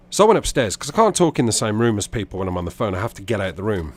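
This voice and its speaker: A young man telling a personal anecdote over gameplay, as a gaming video host. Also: fairly low pitch. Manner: animated, quick anecdotal storytelling.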